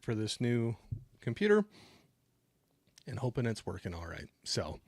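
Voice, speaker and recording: A middle-aged man hosts a relaxed livestream from home and speaks at a mid-range pitch. He rambles through his thoughts, thanks viewers and reads their chat aloud. The close microphone sounds dry, with no room echo. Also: unhurried. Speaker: livestream host. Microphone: new desktop microphone.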